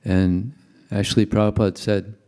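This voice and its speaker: Here an older temple speaker shares anecdotes with his congregation during a devotional talk, chatty and chuckling in his storytelling. His lowish, warm voice has a flat delivery at a normal speed.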